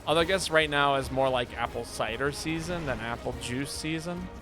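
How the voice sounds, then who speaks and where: A man streaming a game, chatting casually and joking with his viewers, now and then yelping with excitement. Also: mid-range voice, moderate pace. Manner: relaxed, joking, with sudden excited yelps. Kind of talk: casual gameplay chat. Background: game music.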